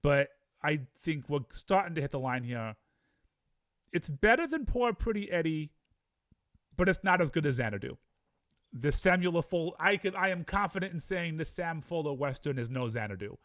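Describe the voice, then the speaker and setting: A man rambles cheerfully through a ranked list of films, asking himself aloud which title beats which. His voice sits a bit high and swings widely in pitch. The sound is close and dry, with no room around it. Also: animated, normal speed, a bit bright, no room sound. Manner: chatty, enthusiastic, debates rankings aloud with himself. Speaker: film reviewer. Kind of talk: casual film-ranking monologue.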